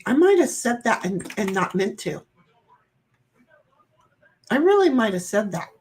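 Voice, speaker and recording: A woman streams on her own from home and talks to her chat in an easy, unhurried way. Her voice sits a little high, and she drifts from one thought to the next. She is playfully confused and quick to laugh at herself. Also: big pitch swings, a little mellow, a little hiss or hum. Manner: rambling, self-deprecating, playfully confused. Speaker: livestream host chatting with viewers. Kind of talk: casual chat reading out viewer comments.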